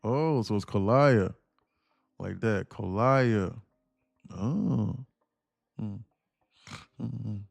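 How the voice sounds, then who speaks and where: A man's voice: lowish voice, very slow, gravelly, pauses often, no room sound. A man streaming live day trading, talking casually and laughing as he reads chat aloud. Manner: laid-back, chuckling, reads chat aloud.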